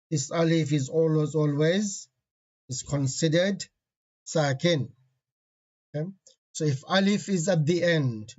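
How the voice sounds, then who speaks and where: A man teaching an online grammar lesson, patiently repeating key terms and running quickly through analysis phrases. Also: a little high, a little mellow, highs cut off.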